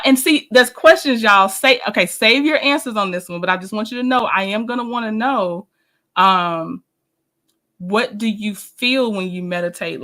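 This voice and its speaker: A woman hosting a casual live stream, chatting with viewers and answering their comments, animated and quick to laugh. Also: mid-range voice. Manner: chatty and animated, laughs often, restarts sentences.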